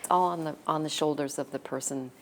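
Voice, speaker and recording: A woman's voice: low voice, fairly even intonation, fast, a little hiss or hum. A woman academic explaining her research in a thoughtful, explanatory way during an interview. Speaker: fashion academic. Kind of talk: interview answers.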